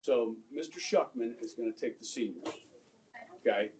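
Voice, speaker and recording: A middle-aged male high school history teacher telling a story to his class, checking in with "okay?" and acting out the people in it. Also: moderate pace. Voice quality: conversational, acts out quoted voices, asks "okay?" often. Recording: distant mic in a classroom, faint room noise.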